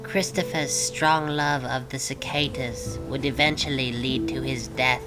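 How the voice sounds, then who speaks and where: A narrator giving deadpan, solemn mock-documentary narration in a matter-of-fact tone. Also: mid-range voice, unhurried. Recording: narration over guitar music. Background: guitar music.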